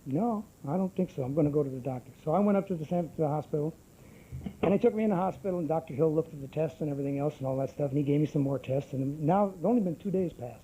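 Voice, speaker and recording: A man's voice: a little high, fast, warm tone, a little hiss or hum, low-quality recording. A middle-aged man giving a brash, wisecracking personal testimony at a recovery group meeting. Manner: brash, salty storyteller with wisecracks.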